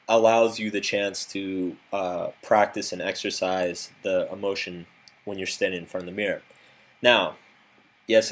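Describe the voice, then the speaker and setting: A man narrating a self-improvement lesson in a direct, instructive way, with occasional fillers. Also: deep voice.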